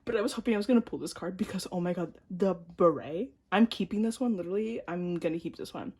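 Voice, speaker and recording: A woman chatting casually to camera while unboxing, excitable and prone to gasps and squeals, then dropping into quiet mumbles. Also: on the low side, fast talker, husky. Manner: drops to quiet mumbles between outbursts. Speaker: vlogger unboxing albums.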